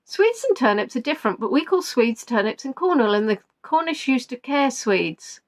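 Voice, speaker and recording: A woman's voice: high voice, big pitch swings, normal speed. A woman hosting a live-streamed quiz from home, rambling playfully, reading out viewers' answers and making joking asides.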